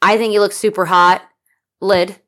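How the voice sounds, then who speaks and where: A woman co-hosting a casual chat, excitable and swearing freely. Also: medium pitch, moderate pace. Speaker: podcast co-host.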